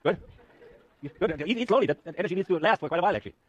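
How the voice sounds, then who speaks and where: A man's voice: high voice, racing, highs cut off. A man giving a university lecture with a live class demo, joking and teasing his students as he works through the numbers. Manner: joking, animated, self-mocking. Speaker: university professor. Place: lecture hall.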